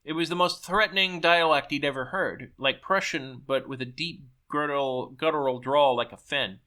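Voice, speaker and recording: A man reading his own short story aloud at a brisk clip, now and then tripping and restarting a word. His voice is bright, forceful and a little high. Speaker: story reader.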